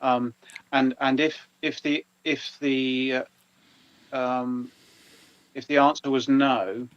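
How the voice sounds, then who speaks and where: A man's voice: medium pitch, flat delivery, slow, clear, resonant tone, lo-fi sound. A man co-hosting a casual podcast, talking hesitantly with many ums and stammered restarts. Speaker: podcast co-host. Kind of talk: casual live podcast chat.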